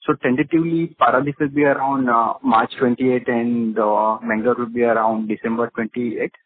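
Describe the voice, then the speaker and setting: A male analyst asking questions on an earnings call, halting with many fillers and uneven loudness, heard over a muffled phone line with background noise. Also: medium pitch, fairly even intonation.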